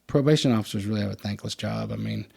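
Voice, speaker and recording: A man's voice: quick pace, creaky, slightly rough. Man telling stories. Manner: animated storyteller, acts out quotes in a higher voice. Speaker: podcast host. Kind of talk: casual storytelling chat.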